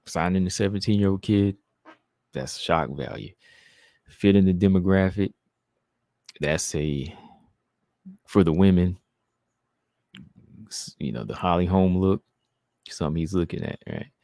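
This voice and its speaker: Male stream host, deep and gravelly, casual chatty delivery, dry sound. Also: measured pace, pauses often, warm tone, no echo. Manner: chatty, answers viewers, says "man" a lot. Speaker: livestream host reading chat. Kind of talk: casual live-stream chat.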